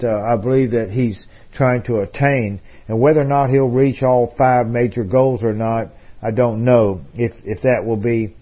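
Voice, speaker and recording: Rambling talk-radio man, lo-fi sound. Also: mid-range voice. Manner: discursive, frequent fillers and restarts. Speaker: radio host.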